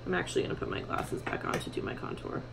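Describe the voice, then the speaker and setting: A woman's voice: quick pace, background noise. A young woman chatting casually through a makeup tutorial at home in her bathroom, full of fillers and self-mocking asides. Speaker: beauty vlogger.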